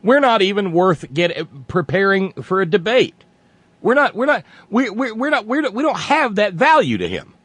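A man's voice: high voice, sing-song, moderate pace, fairly bright tone, husky, no echo. Wry male host, dry close sound. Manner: wry, sarcastic, teasing. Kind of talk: casual call-in talk.

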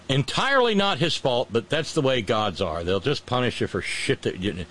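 A man in a casual chat who retells ancient myths with relish and irreverence. He talks in an animated, loose way, dropping in quick character voices. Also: medium pitch.

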